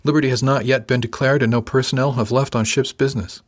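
A man's voice: mid-range voice, fairly even intonation, quick pace, natural voice. A man reading a nervous, dutiful young crewwoman. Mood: formal. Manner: crisp, formal duty replies. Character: young female deck crew member, dutiful and nervous.

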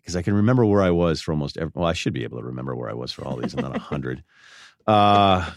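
Brief: male podcast host, 40s, deep-ish voice, dry studio sound, relaxed self-deprecating storyteller. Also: no room sound. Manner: loose, self-mocking, laughs mid-sentence. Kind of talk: casual storytelling monologue.

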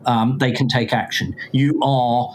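A man's voice: mid-range voice, steady tone, a little slow, slight background noise. A man, a guest on a podcast, speaking in casual interview chat, hesitant with many ums and dry wry asides. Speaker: podcast guest, magazine editor.

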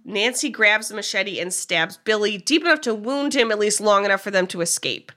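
A woman podcast co-host casually recapping a movie's plot, telling it with animated energy and frequent fillers. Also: mid-range voice, a little fast. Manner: animated storyteller, frequent "like" and laughs.

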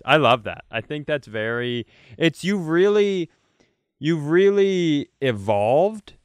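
A man's voice: on the high side, very animated, slow pace, clear, resonant tone, no echo, studio quality. A man co-hosting a podcast, teasing his partner in casual chat and rambling off into tangents. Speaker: podcast co-host.

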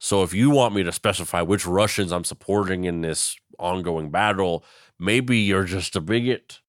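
A man's voice: low-pitched, moderate pace, dry recording, clean studio sound, close to an everyday voice. A man voicing a boastful, drunken older male president who rambles and brags while proudly clueless. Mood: self-righteous. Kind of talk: comedic impression.

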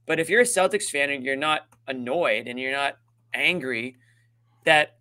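A man's voice: medium pitch, moderate pace, bright, forceful tone. A man co-hosting a postgame sports show, talking emphatically and venting his frustration about the game. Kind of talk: sports postgame analysis chat.

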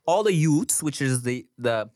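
A man co-hosting a relaxed podcast conversation, his voice moving through a lively, wide-ranging pitch. He keeps dropping into exaggerated slang impressions. The sound is close and dry. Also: unhurried, dry recording. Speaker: podcast co-host. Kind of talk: casual chat.

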